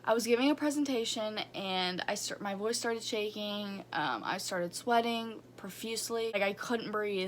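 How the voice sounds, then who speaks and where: A woman's voice: mid-range voice, moderate pace, few pauses, slight background noise. A young woman vlogging about her own experiences, candid and rambling, with many fillers. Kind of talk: personal story vlog.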